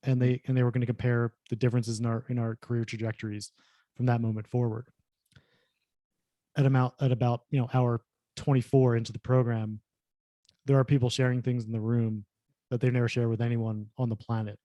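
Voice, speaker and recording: A man with a mellow, warm tone hosting a casual interview in a dry-sounding room. He talks in a halting way, doubling words as he gets sentences started. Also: medium pitch, level tone, no room sound, muffled recording. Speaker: host.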